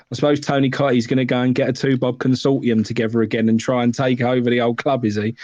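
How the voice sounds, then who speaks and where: A man chatting on a fan live stream, mid-pitched and blunt, with plenty of swearing and rambling asides. The sound is dry, with no room echo, and the audio is a bit muffled and lo-fi. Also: flat delivery, fast talker, hardly any pauses, a little mellow. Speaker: football fan show co-host. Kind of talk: casual live-stream chat.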